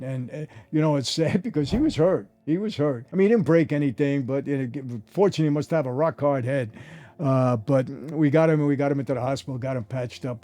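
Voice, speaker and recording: Older New man telling stories, mellow voice. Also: mid-range voice. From New York. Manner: animated, addresses listeners directly, repeats "I gotta tell you". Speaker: former mobster telling stories. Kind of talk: casual storytelling monologue.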